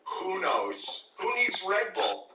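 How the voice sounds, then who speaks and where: A man giving crude, deadpan comedic commentary while playing games, recorded from a distance in a roomy space with loud music behind. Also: high-pitched, takes it slowly, noisy background. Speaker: gaming video host. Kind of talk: joking gameplay commentary.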